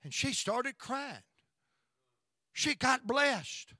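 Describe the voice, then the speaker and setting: Man, middle-aged revival preacher, high bright voice, slow rhythmic delivery, call-and-response. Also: lively intonation, no room sound, clean studio sound. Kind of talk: revival sermon. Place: church.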